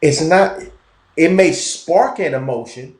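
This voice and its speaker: A man's voice: a little high, takes it slowly, echoey room. A man with a Southern Florida twang talking emphatically in a casual conversation, repeating himself for effect. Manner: animated, emphatic, repetitive. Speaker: podcast guest.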